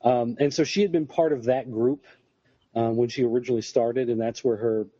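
A man's voice: medium pitch, fairly even intonation, fairly quick, mellow, breathy edge, dry recording, muffled recording. A man co-hosting a podcast, chatting casually and rambling through comic reviews with plenty of fillers. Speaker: podcast co-host.

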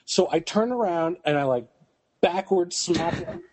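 A man's voice: high voice, expressive, unhurried, a little mellow, no echo. A man on a casual podcast, telling a long rambling anecdote full of fillers. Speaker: podcast co-host. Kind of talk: casual storytelling chat.

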